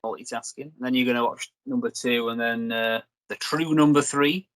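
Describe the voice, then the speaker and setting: A man's voice: medium pitch, fairly even intonation, normal speed, fairly bright tone, no room sound, low-quality recording. A young man hosting a review video, rambling and joking in casual chat. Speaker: reviewer and host.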